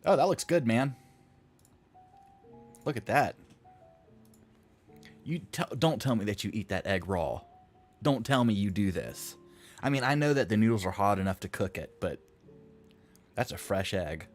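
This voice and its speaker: A man with a fairly low voice chats loosely through a live stream as he edits textures for a game mod. He rambles, jokes and throws questions to his viewers. Soft music plays quietly behind him. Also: lively intonation, a little slow, long pauses. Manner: rambling, joking, talks to chat while editing. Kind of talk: casual live-stream chat while working.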